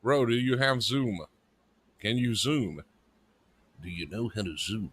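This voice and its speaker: A man's voice: on the low side, a little slow, long pauses, a bit bright, breathy edge. A man co-hosting a live internet radio stream as its producer, rambling and joking with casual swearing. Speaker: producer and co-host.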